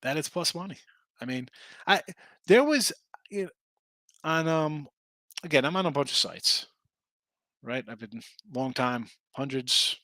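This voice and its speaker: A man's voice: medium pitch, lively intonation, unhurried, pauses often, bright, forceful tone, dry recording, studio quality. A man hosting a sports betting livestream, chatting casually, rambling through picks and records and answering viewers by name. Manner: rambling, reads out picks and chat names, restarts often. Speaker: sports betting show host.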